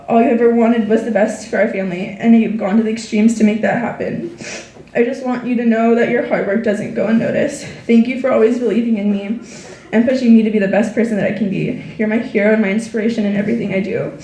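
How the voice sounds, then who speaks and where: A woman's voice: on the high side, steady tone, a little fast, mellow, echoey room, far from the mic. Teenage girl reading an emotional speech. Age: teens. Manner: heartfelt, reading thank-yous. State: tearful, near crying. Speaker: graduating student. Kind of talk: senior speech read aloud.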